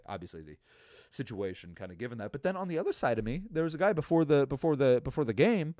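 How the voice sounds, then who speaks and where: A worn-out man hosts a casual sports podcast and rants about a game he went to. His voice sits at a middling pitch and sounds dry and close, with no room around it. He swears freely and stumbles through restarts. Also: animated, quick pace, a little mellow, no room sound. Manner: profane, ranting, tired. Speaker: podcast host.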